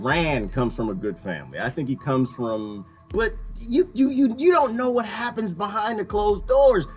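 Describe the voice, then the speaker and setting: A man giving a casual, animated political rant to his viewers, laughing often and swinging between loud and quiet. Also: medium pitch. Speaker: video commentator.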